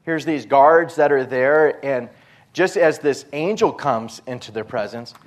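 A man's voice: medium pitch, measured pace. A male pastor preaching a sermon in a conversational storytelling way, acting out the quotes.

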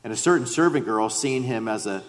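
A man's voice: medium pitch, expressive, a little fast. A man preaching a sermon and reading scripture, earnest, acting out quoted lines with rising emphasis. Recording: long reverb of a large hall.

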